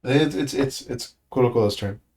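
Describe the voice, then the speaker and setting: A man leads a casual Tongan study group in a medium-pitched, slightly mellow voice at a normal pace. He patiently explains grammar while thinking aloud, using frequent fillers and restarts and giving learners short praise.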